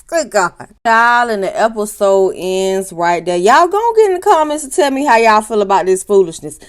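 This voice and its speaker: A woman hosting a casual reality TV recap, telling it in a lively, profane way and acting out the quotes. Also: medium pitch, moderate pace. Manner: animated, profane, laughing storyteller acting out quotes.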